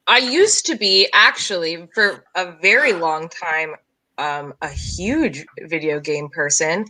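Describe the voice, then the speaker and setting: Woman, podcast guest, low-ish pitch, bright tone, casual, self-deprecating, filler-heavy. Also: expressive, slow pace, poor audio. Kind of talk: casual chat.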